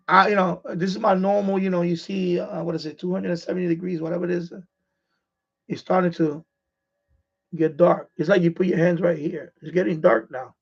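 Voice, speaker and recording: A man hosting a live stream, telling a frightening personal story in casual, animated and profane talk. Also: high-pitched. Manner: animated and profane, retelling a scary event. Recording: dull lo-fi stream audio.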